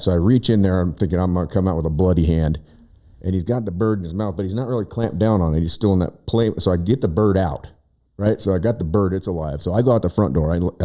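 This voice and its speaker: A man from Oregon chatting casually in a studio, telling a long rambling story with lots of fillers and restarts. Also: deep voice. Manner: rambling, animated storyteller who shouts out quoted lines. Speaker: guest, visiting brother. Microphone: studio microphone.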